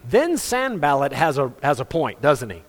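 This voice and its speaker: A man's voice: mid-range voice, big pitch swings, normal speed. A man preaching a sermon as pastor, conversational and joking, acting out the voices he quotes. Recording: long reverb of a hall.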